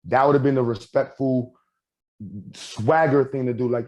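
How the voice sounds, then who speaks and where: A man's voice: medium pitch, moderate pace, dull audio. A man telling stories in a casual podcast chat, acting out what people said. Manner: storytelling, animated, acts out quotes.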